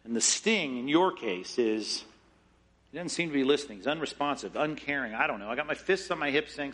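A man preaching a sermon, acting out quoted prayers and lines from scripture with lively shifts in voice. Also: brisk, slightly rough. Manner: expressive, acts out scripture quotes with shifting pitch and pace. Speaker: pastor.

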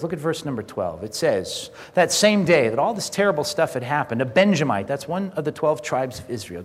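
A man preaching a sermon and telling the story in an animated way, acting out the people in it and dropping to a hushed whisper for emphasis. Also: mid-range voice, in a large hall. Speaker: pastor.

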